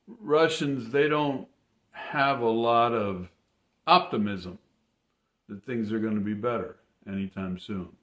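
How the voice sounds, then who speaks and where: A man voicing a grim, matter-of-fact Russian man in an earnest, halting way, repeating words as he explains. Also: fairly low pitch, a bit bright. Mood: earnest explaining. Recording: roomy echo.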